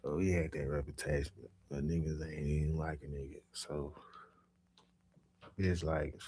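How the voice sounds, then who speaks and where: A young man telling a profane street story in casual talk, swinging between low mutters and loud animated bursts. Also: moderate pace, slight background noise. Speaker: podcast storyteller.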